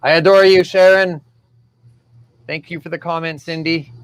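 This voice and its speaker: A man's voice: fairly high pitch, little pitch movement, normal speed, smooth. A man hosting a live-streamed podcast interview, easygoing, reading out viewer comments. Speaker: podcast host.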